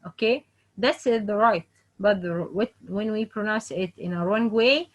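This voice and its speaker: A woman gives an online tajweed lesson on Quran recitation rules, speaking haltingly with many fillers and restarts. She slowly models example words again and again. Her pitch is medium, and the highs are cut off.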